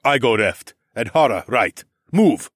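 A man's voice: on the low side, normal speed, breathy edge, no echo, clean studio sound. A man doing a blunt, clipped male fighter. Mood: commanding. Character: terse male fighter giving clipped broken orders.

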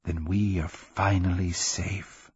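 A man reading an audiobook, voicing a menacing secret inner voice in a hushed, conspiratorial tone with an altered timbre. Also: sits low, flat delivery, slow, husky, no room sound, muffled recording, full character voice.

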